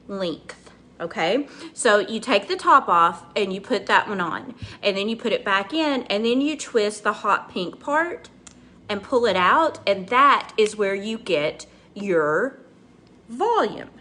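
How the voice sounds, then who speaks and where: A woman's voice: medium pitch, fairly bright tone. Chatty woman doing a makeup tutorial. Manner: chatty, rambling, laughs easily, talks to viewers by name. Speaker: makeup vlogger. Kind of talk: casual makeup tutorial chat.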